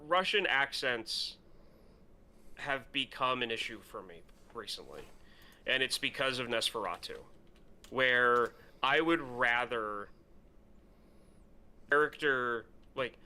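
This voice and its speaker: Co-hosting a movie podcast, a man talks in an expressive, bright, forceful mid-range voice, going slowly with long pauses. His casual review chat rambles, leans heavily on fillers, and breaks easily into laughter.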